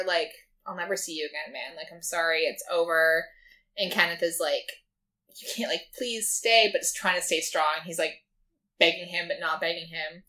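A young woman co-hosting a podcast recaps a TV episode in casual chat, using lots of fillers and quoting the characters in her own voice. Her voice is lowish, bright, and forceful.

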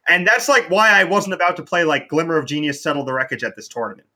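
A man's voice: a little high, fast, sharp tone. A man talking casually as a competitive card game player on a podcast, with frequent "like" fillers. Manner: chatty, heavy use of "like".

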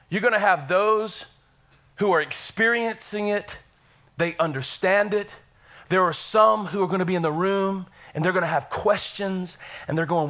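A middle-aged man delivers a sermon in a church sanctuary, his voice high for a man with a bright, ringing tone. He keeps his energy up throughout, calling out to the congregation as he preaches.

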